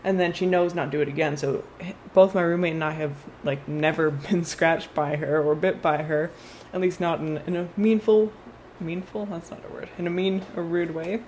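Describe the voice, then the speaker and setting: Young woman, tarot reader, rambling casual delivery, lowish voice, faint hiss behind. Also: fairly even intonation, normal speed, hardly any pauses, a little mellow. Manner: chatty, rambling, with frequent fillers and restarts. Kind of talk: casual tarot reading vlog.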